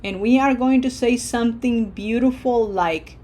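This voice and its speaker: A woman teaching Spanish verb endings, drilling each form slowly and encouraging her students. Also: fairly high pitch, mellow. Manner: slow, deliberate drill pronunciation with encouraging asides. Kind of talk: language lesson.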